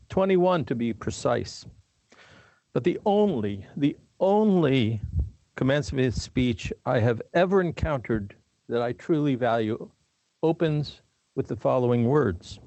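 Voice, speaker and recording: An older man giving a formal commencement address in a measured, deliberate way with dry humor. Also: medium pitch, expressive, a little mellow, no room sound. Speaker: commencement speaker.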